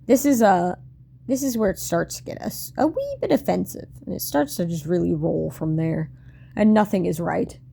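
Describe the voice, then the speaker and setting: A woman's voice: lowish voice, lively intonation, moderate pace, creaky, warm tone, slightly rough. A woman in her late twenties reading her old diary aloud and commenting on it in a wry, self-mocking way, swearing and laughing often.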